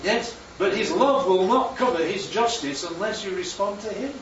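In a church hall, a high-pitched man from northern England gives a sermon at a moderate pace, chatty and full of jokes, often questioning the congregation. The echoey room and distant mic leave the recording sounding dull.

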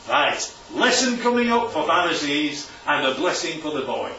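Animated preacher in an echoey hall. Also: male voice, fairly high pitch, a little slow, few pauses, noisy background. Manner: animated, emphatic, rhetorical "right?" asides. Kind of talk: sermon. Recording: echoey room, distant mic, dull sound.

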